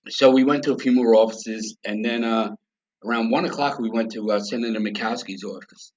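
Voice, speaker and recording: Blunt, husky-voiced New man. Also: on the low side, fairly quick, muffled recording. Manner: blunt, profane, animated storyteller. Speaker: podcast guest. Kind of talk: casual storytelling.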